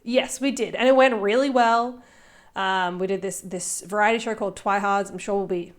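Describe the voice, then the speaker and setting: A woman's voice: mid-range voice, steady tone, moderate pace. Australian woman, podcast host, playful and theatrical, chatty comedic delivery. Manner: playful, theatrical, jumps between loud and soft. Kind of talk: casual podcast chat.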